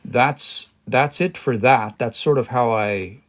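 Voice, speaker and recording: Male learner teaching on a live stream, mid-pitched, thinks aloud, frequent pauses and restarts. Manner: thinking aloud, pausing and restarting, reading phrases slowly. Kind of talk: casual live-stream language study.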